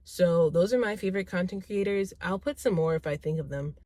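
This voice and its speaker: A woman's voice: fairly low pitch, fairly quick. A young woman vlogging casually to camera, chatty and enthusiastic, often rambling and correcting herself. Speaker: vlogger answering viewer questions. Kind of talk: casual talking-to-camera vlog.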